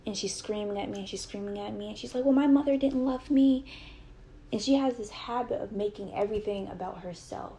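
Brief: young woman, gravelly voice, earnest storytime, faint room hum. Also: mid-range voice, dark tone. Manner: earnest, heated retelling with quoted dialogue. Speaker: mother telling a personal story. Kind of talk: emotional personal storytime.

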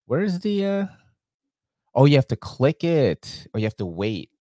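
A man's voice: medium pitch, very animated, measured pace, warm tone, no echo, studio quality. A man hosting a podcast, reading sponsor ads in a casual, slangy, profane way. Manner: slangy, profane and laid-back, laughs often. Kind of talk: casual chat.

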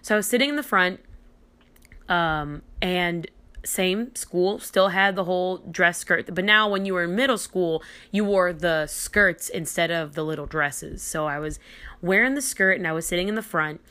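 Young woman, lowish voice, gets worked up telling her story, lots of restarts. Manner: animated and excitable, with restarts and dramatic pauses. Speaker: podcast host. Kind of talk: casual storytelling.

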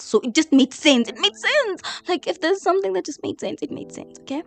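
A woman's voice: a little high, animated, quick pace, faint music behind. A woman sharing a personal faith testimony in a chatty, emotional way, with a lot of "like". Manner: emotional, chatty, heavy use of "like". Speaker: vlogger.

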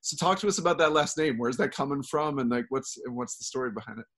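A man's voice: medium pitch, quick pace, a bit bright. A man hosting a casual podcast chat, rambling and friendly with many fillers. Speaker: podcast host.

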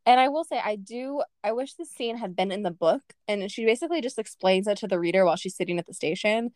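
A young woman co-hosting a casual book podcast, talking in an animated way with lots of laughs and fillers. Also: medium pitch, fast talker, dry recording, studio quality. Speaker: podcast co-host. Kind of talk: casual book-review chat.

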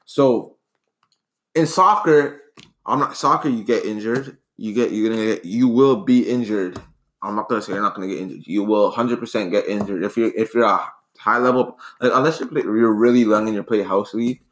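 A male debate co-host with a lowish voice argues his side in a casual sports debate at normal speed. He's earnest but rambling, frequently restarting his thoughts.

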